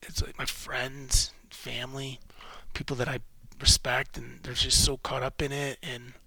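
Male podcast host, gravelly and husky, shaken and close to tears, rambling and profane. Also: mid-range voice, little pitch movement, bright, forceful tone, no room sound. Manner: rambling, profane, halting restarts. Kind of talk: solo podcast monologue.

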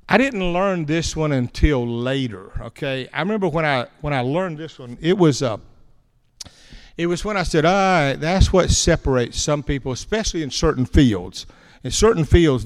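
A man, preaching in a folksy, anecdotal way to an audience. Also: fairly high pitch. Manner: folksy and animated, tells anecdotes with chuckles and repeated words. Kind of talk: folksy storytelling talk to an audience. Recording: long hall reverb.

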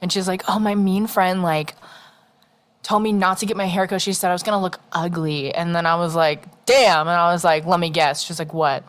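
A woman's voice: fairly low pitch, steady tone, moderate pace. A young woman co-hosting a podcast in casual chat, blunt and sweary, laughing often and acting out what others said. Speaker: podcast co-host.

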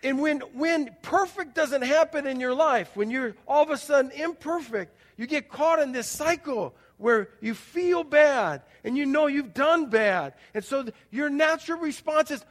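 High-voiced pastor preaching in a reverberant hall. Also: male voice, animated, a little slow, hardly any pauses. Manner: folksy storytelling, rhetorical questions to the congregation; acts out quoted voices with big swings in loudness. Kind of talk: sermon. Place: church.

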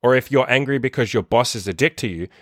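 A man's voice: mid-range voice, quick pace, fairly bright tone, no room sound, clean studio sound. A young man, a self-improvement coach, giving a blunt, profane motivational talk full of rhetorical questions.

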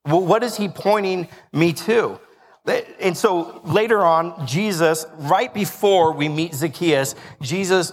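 A man's voice: high voice, slow, big-room sound. A male pastor preaching a conversational sermon, joking and asking the congregation questions.

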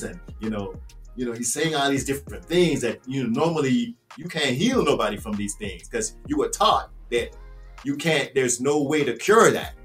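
A man talking as a podcast guest, animated and full of rhetorical questions, swearing freely. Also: medium pitch, normal speed, recorded from a distance, soft background music. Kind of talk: casual podcast interview.

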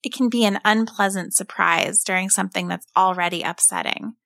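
A woman voicing a caring farm mother who talks softly and soothingly to her son. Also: medium pitch, fairly quick, creaky, no echo, studio quality. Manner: soft and soothing.

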